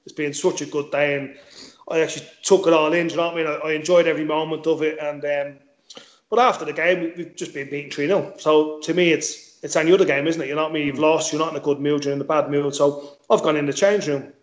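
A man tells a football story at a rapid clip, swearing freely and playing out each exchange in quotes. His voice sits a little high, and the room around him is echoey. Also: steady tone. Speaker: former footballer guest. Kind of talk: casual anecdote-telling.

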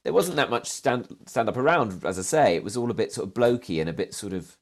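A man's voice: medium pitch, animated, quick pace, slight background noise. A man from southeast London, a comedian as guest, telling stories in a wry, well-spoken manner. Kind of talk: casual chat.

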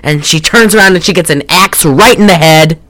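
A podcast co-host in a rambling, excitable, casual movie review chat, often laughing and swearing. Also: medium pitch, brisk, dry recording.

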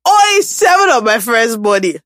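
Woman, high-ish, very lively pitch, animated storyteller, dry recording. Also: normal speed, no room sound. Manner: animated storytelling, acts out quotes, laughs often. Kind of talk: casual chat.

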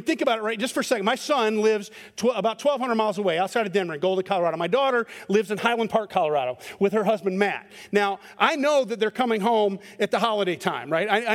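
A middle-aged male pastor giving a conversational sermon, telling stories and acting out their voices with a self-deprecating manner. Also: high-pitched. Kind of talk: sermon with storytelling. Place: church sanctuary. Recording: long hall reverb.

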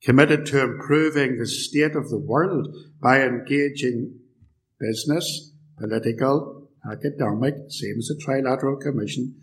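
Brief: UK man, mid-pitched, sardonic lecturer in a church, faint background hum. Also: fairly bright tone, poor audio. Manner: sardonic, rhetorical questions. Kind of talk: live lecture. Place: church hall.

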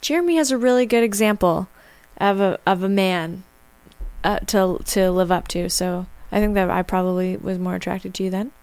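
A woman's voice: medium pitch, normal speed, a little mellow, smooth, no room sound. Female podcast co-host, wry and easygoing, dry close mic. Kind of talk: casual podcast banter.

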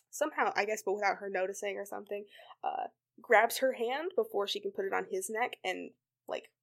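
Casual female storyteller with a gravelly edge, filler-heavy recap. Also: medium pitch. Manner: animated retelling with many fillers. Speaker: storyteller retelling a TV episode. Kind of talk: casual chat.

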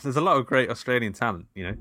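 A man co-hosting a casual film podcast, reading quiz questions with loud stresses and laughing easily. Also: medium pitch, lively intonation, racing, no room sound, studio quality. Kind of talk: casual chat.

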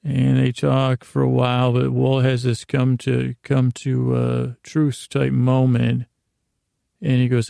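A man's voice: mid-range voice, completely flat delivery, unhurried, gravelly, dark tone, no room sound, studio quality. A man casually recapping a TV episode as a podcast host, rambling with many restarts and asides.

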